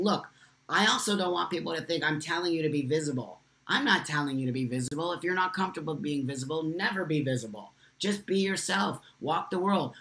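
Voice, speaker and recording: A man's voice: a little high, bright, forceful tone. A man hosting a live stream from a phone, impassioned and emphatic, repeating phrases for force while answering viewer comments.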